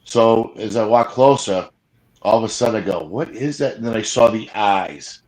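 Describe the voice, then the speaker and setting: A man excitedly retelling an encounter in casual live chat, rambling with frequent restarts and fillers. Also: lowish voice, normal speed, poor audio. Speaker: Bigfoot field investigator guest. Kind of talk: casual storytelling on a live show.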